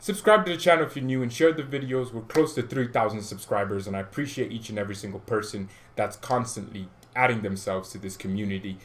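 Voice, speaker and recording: A man hosting a fan channel, ranting about his team in an excitable, jokey way with loud outbursts. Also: mid-range voice. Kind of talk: excitable football fan commentary.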